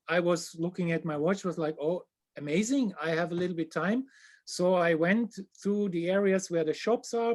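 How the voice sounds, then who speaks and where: A man with a high voice tells a funny tour story in casual chat. He's animated, dropping to a hushed voice at the embarrassing moments.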